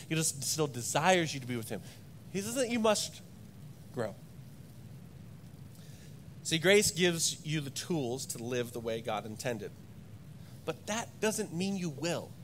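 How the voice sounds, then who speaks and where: A young adult pastor giving a sermon in church, moving between loud, emphatic preaching and quiet, halting personal stories. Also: male voice, mid-range voice, a little hiss or hum. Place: church sanctuary.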